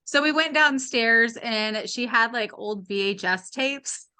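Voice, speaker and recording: With a clean tone, a slightly high pitch and an unhurried delivery, a woman in her late thirties or forties tells a frank, funny personal story as a podcast guest. She's animated and candid, with a wry sense of humor, acting out the other people's voices as she casually narrates.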